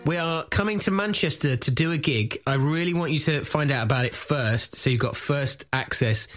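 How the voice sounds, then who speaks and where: A man's voice: on the high side, over music. A man co-hosting a comedy podcast, teasing his partner and plugging a gig in casual banter. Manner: playful, teasing, quick plugs.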